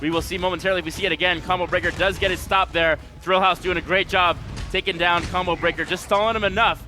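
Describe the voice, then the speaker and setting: Bright, energetic male play-by-play caster. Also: high voice, fast talker, soft background music. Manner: energetic, jokey, leads the segments. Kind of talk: esports commentary.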